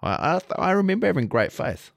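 A man's voice: high voice, very animated, a little fast, vocal fry, no room sound, studio quality. A man in his thirties, an interview guest, talking in a laid-back, rambling way as he shares his story. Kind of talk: candid interview conversation.

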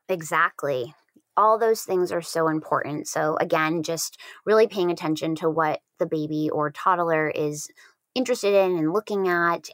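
A woman explaining tips on how babies learn words in a casual chat, steady and careful, stressing key words. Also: low-pitched, no room sound.

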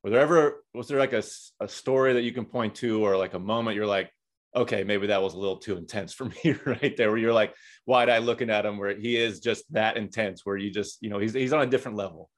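A male podcast host asks his guest casual questions in a quick, chatty way. His voice sits fairly low and his phrasing stays loose. He tends to stack up half-started clauses before getting to his point.

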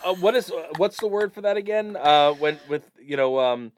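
A middle-aged man with an East Coast American accent co-hosting a podcast, chatting in a rambling, animated way with frequent fillers. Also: a little high, normal speed. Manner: rambling, animated, swears casually. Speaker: podcast co-host. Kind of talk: casual chat.

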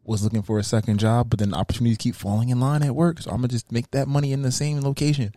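A man co-hosting a casual podcast, putting on a smooth mock radio voice, relaxed. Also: medium pitch, fast, no echo. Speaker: podcast co-host.

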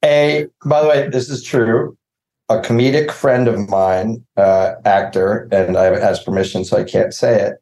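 A man's voice: on the low side, fairly even intonation, normal speed, dark tone, roomy sound, low-quality recording. A man telling rambling, self-deprecating stories and laughing often in a casual podcast chat over a video call. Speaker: showrunner guest.

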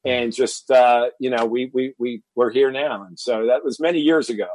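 A man's voice: medium pitch, moderate pace, no echo, rough recording. A man telling a personal story as a podcast guest, acting out what his family said. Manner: animated, acts out quoted family dialogue.

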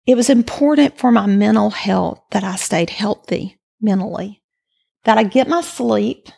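A woman's voice: mid-range voice, measured pace, creaky, mellow, breathy edge. A woman speaking as a podcast guest, sharing a personal faith testimony in an earnest, reflective way.

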